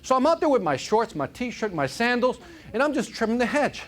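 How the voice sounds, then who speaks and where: A man from Chicago giving an energetic, joking motivational keynote to a live audience, often checking in with "right?". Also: very high-pitched, brisk. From Chicago, United States. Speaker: motivational speaker. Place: conference room with audience.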